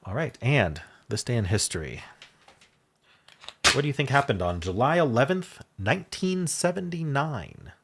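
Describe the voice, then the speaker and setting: A man's voice: mid-range voice, sing-song, moderate pace, gravelly, noisy background. A man hosting a puzzle video, thinking aloud in a casual, unsure way as he works through a word game. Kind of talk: casual solo puzzle commentary.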